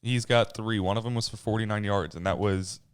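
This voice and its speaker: A relaxed man co-hosting a laid-back sports podcast. His voice is low, smooth and clear, and he talks through his opinions in a thoughtful, easygoing way. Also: fairly quick. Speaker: podcast co-host. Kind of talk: casual sports chat.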